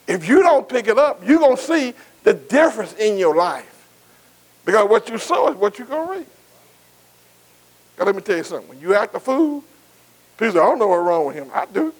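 In a sermon captured with poor audio, a high-pitched male preacher repeats himself for emphasis. He uses call-and-response, repeatedly asking the congregation to finish his lines and say they're with him.

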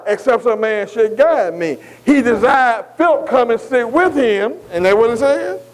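A man preaching a sermon, reading scripture slowly and drawing out the words, then asking his congregation questions and repeating phrases for emphasis. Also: very high voice. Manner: slow, drawn-out reading of scripture.

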